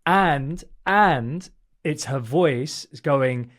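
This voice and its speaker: A man co-hosting a casual chat about ads, animated and prone to restarts. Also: a little high, extremely slow. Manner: animated, restarting, laughing easily. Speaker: co-host.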